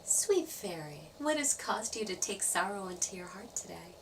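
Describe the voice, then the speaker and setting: A woman voicing a wise old male tree spirit, speaking slowly, low and hushed. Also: big pitch swings, distant mic, a little hiss or hum, low-quality recording. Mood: tender. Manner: slow, low, hushed and gentle.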